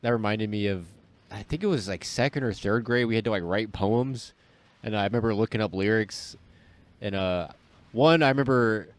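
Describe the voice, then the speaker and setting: A man's voice: fairly low pitch, moderate pace, dry recording. A young man with a stuffy nose, co-hosting a podcast and telling rambling stories full of restarts and acted-out quotes. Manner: rambling storyteller, many restarts and quoted voices. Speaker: podcast co-host. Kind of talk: casual chat.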